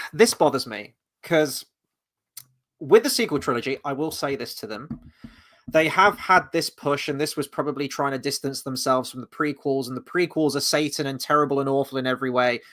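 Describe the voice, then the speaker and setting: A man hosting a casual review chat, animated and rambling, swearing freely as he talks. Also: medium pitch. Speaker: host.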